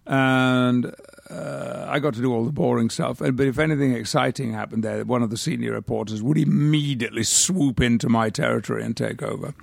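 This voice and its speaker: An older man from the north of England, a guest actor telling anecdotes in a measured, articulate and wry manner. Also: mid-range voice, vocal fry, no room sound, clean studio sound. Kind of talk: anecdotal interview storytelling.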